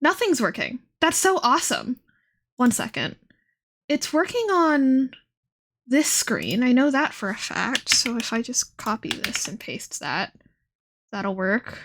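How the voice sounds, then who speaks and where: A young woman in her twenties livestreaming, her voice pitched a little high. She barely opens her mouth to protect sore, blistered lips, which muffles her words a touch. She rambles chattily, with plenty of fillers and side remarks. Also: big pitch swings, unhurried, a bit bright. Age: 20s. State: sore blistered lips, talking with mouth held nearly closed. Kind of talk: casual chat stream.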